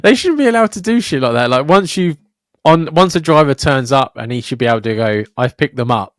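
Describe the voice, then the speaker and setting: Young male podcast co-host, profane and lively storyteller, mid-pitched, dry studio mic. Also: a little fast, no room sound. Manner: sweary, animated storytelling. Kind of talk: casual podcast chat.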